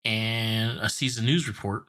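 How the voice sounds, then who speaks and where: A man's voice: lowish voice, steady tone, measured pace, pushed and bright. A man co-hosting a podcast, retelling a cartoon episode in a loose, rambling way with lots of filler words. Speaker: podcast co-host. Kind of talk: casual chat recapping a cartoon episode.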